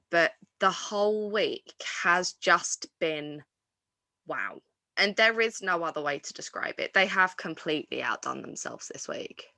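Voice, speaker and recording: Female host, casual and gushing, low-pitched but bright tone, dry recording. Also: no echo. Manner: enthusiastic, rambling with restarts and fillers. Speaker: wrestling podcast host. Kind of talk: casual review chat.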